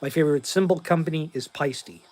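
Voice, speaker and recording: A tired, sleep-deprived man in his forties from Massachusetts, USA, hosts a casual livestream, answering chat in a blunt, rambling way. His voice is slightly high and a bit fast, with a darkish tone, and soft music plays in the background.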